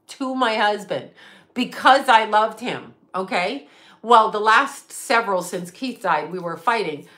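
A woman's voice: medium pitch, sharp tone. A middle-aged woman, a psychic medium, ranting in casual livestream chat, swearing and laughing often. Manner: profane, ranting and laughing a lot.

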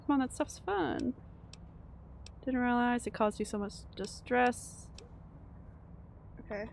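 A woman's voice: fairly high pitch, slow pace, gravelly, pauses often, a little hiss or hum. A Canadian woman streaming a video game, chatting casually with her viewers and laughing often. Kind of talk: casual gameplay commentary.

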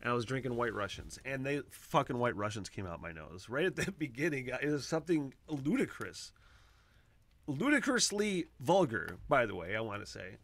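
A man hosting a podcast, talking in a casual, profane monologue that swings between low mutters and excited shouts. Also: moderate pace, gravelly. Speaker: podcast host.

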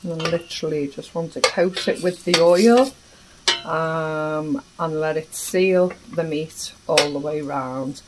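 A woman hosting a home cooking video, explaining a recipe in an unhurried way with plenty of ums, in her kitchen. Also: deep voice, noisy background. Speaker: cooking channel host. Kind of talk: casual cooking demonstration. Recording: voice distant from the mic.

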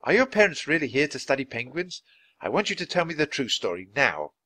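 A man's voice: a little high, very animated, brisk, sharp tone, voice pushed up, exaggerated voice. A man doing a concerned, kindly woman. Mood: earnest. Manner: earnest, concerned. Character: worried kind adult woman.

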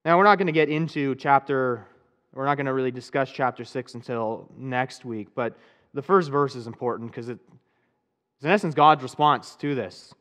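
A man's voice: medium pitch, moderate pace, a bit bright, in a large hall. A male pastor preaching a sermon in an easy, conversational way, with bits of dry sarcasm.

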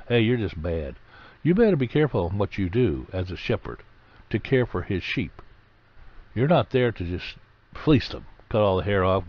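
A man teaching from the Bible in a conversational sermon, plain-spoken and repeating key phrases for emphasis. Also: fairly low pitch. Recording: dull lo-fi recording.

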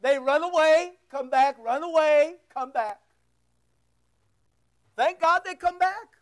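A man's voice: very high-pitched, slow. A man preaching a sermon as pastor, emphatic and rhetorical, repeating his phrases.

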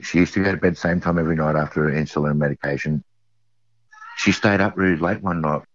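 A middle-aged Australian man with a remarkably deep voice tells a personal story in earnest, circling back to repeat his key phrases. The audio is dry and dull, like a lo-fi recording. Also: fairly even intonation, fast talker, no room sound. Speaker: eyewitness.

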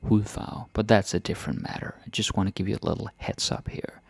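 A man teaching a casual language lesson, chatty and relaxed, repeating phrases slowly and then at full speed. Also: on the low side, vocal fry, breathy edge, no echo.

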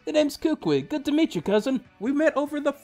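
Dude putting on a chill friendly game professor, pitched way up and bouncy. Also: male voice, big pitch swings, fairly quick, a little mellow, faint music behind, exaggerated voice. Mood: hearty. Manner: hearty, friendly reading of game dialogue. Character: upbeat, laid-back male professor.

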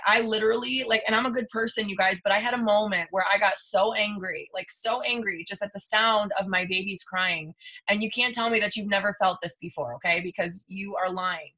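A woman's voice: mid-range voice, pushed and bright. A woman in her thirties talking to her team in a live video, emphatic and repetitive, often saying "you guys.". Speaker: team leader. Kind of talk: motivational live stream.

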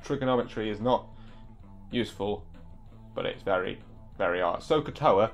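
A man's voice: lowish voice, moderate pace, faint music behind. A young man giving live gameplay commentary, exasperated and talking back at the game. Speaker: gaming video creator.

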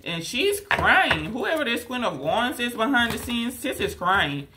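A woman's voice: a little high, very animated, a little slow, over music. A woman giving a casual tarot reading straight to the viewer, rambling and repeating herself with many fillers. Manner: emphatic, addresses viewer directly. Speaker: tarot reader.

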